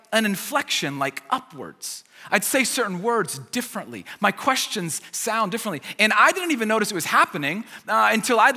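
A man's voice: high voice, bright, forceful tone, in a large hall. An American man preaching a sermon as a pastor, conversational and repeating his key phrases, with self-deprecating humor.

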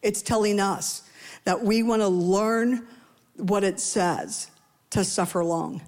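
Her voice a little mellow and her pace slow, a woman delivers a sermon in a conversational, playful manner. She makes asides to the congregation and often acts out quoted voices, her pitch going up.

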